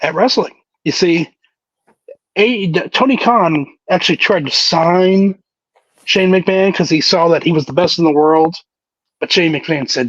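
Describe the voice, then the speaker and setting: A man's voice: fairly high pitch, measured pace, a bit bright, no echo. A man co-hosting a casual wrestling recap podcast, joking, laughing often and repeating his words. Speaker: podcast co-host. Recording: dull lo-fi dry sound.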